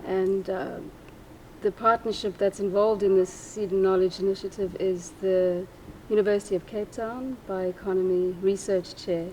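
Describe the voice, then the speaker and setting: A woman's voice: medium pitch, fairly even intonation, normal speed, warm tone, slight background noise, poor audio. A woman from South Africa, a guest expert, answering interview questions in a confident, direct way.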